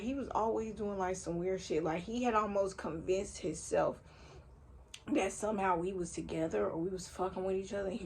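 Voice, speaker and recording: A young woman telling a personal story in a casual storytime vlog, animated and slangy, swearing freely, recorded at home on a phone or camera mic. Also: mid-range voice, creaky, slight background noise. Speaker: vlogger. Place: home room, vacuum running nearby.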